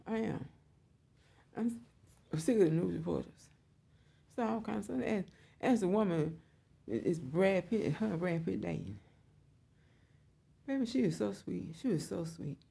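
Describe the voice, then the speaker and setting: A woman's voice: on the low side, gravelly, dark tone, husky. A woman hosting her own online show, giving a blunt, profane opinion monologue and repeating her points.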